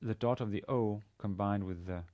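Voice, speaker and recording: Halting low-voiced male lecturer. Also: dull audio. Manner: halting, with many fillers and restarts. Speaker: university lecturer. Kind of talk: recorded language lesson.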